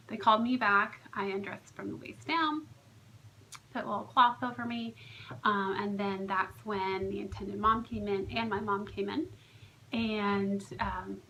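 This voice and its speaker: A young woman recounts her day in a relaxed vlog, full of ums and likes. Her voice is bright and lively, and she slips into quoted lines of dialogue. A faint hiss of background noise sits under the recording. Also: mid-range voice, rough recording. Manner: chatty storytelling with many fillers, lively quoted dialogue. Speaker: vlogger, surrogate. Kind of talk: casual vlog recap.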